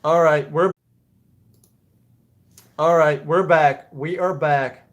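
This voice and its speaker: A man's voice: fairly high pitch, steady tone, takes it slowly. A man with a Russian accent hosting a casual live Q&A stream, answering chat questions in a blunt, profane, opinionated way. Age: adult.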